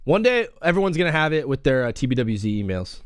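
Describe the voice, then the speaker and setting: A man's voice: mid-range voice, big pitch swings, fast, no room sound, clean studio sound. A young man hosting a live sports talk stream, brash and rambling, joking as he reads the chat. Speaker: sports talk show host.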